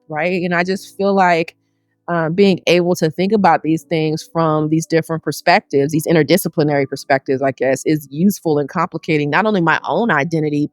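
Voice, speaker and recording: A middle-aged woman with a Southern US accent speaks in a relaxed, colloquial way, easing into her points with self-aware humor. Her voice sits a little low, and the recording is close and dry with no room sound. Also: no echo. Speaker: scholar guest. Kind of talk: casual conversational interview.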